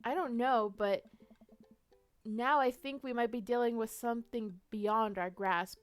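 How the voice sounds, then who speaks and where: A young woman streaming a detective role-play game, narrating her moves playfully and laughing easily over faint music. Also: fairly high pitch. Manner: playful, quick to laugh, reads out story text.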